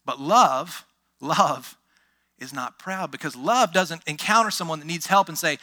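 Bright, high-voiced man preaching a sermon. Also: unhurried. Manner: emphatic, rhetorical questions, exclamations. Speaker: pastor.

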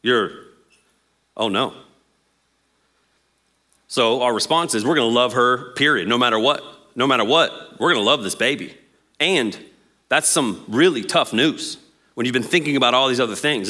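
A man, preaching a sermon as pastor in an animated, jokey way and acting out quotes. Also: medium pitch, brisk.

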